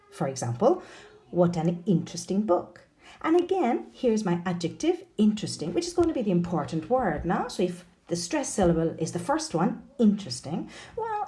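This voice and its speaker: A woman teaching pronunciation with a very lively, swooping pitch. Her voice is mellow and warm. She models exaggerated intonation and often asks "no?". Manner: animated, checks in with a frequent "no?"; exaggerates stressed syllables when modelling. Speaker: English teacher.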